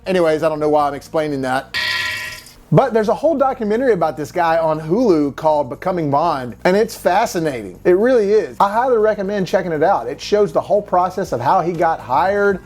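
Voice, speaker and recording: Chatty high-voiced male movie reviewer. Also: animated, brisk, darkish tone. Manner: chatty, rambling, self-deprecating asides. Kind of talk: casual video review.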